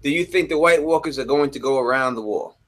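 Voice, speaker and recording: A man hosting a casual live podcast chat, animated and teasing, cursing freely as he moderates the guests. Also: mid-range voice, fast talker. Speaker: host.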